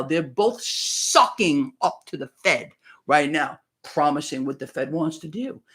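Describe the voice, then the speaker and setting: A man hosting a live stream from his home, talking emphatically to viewers, repeating phrases and calling them "man". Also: on the high side. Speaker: market commentator host. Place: home in Florida.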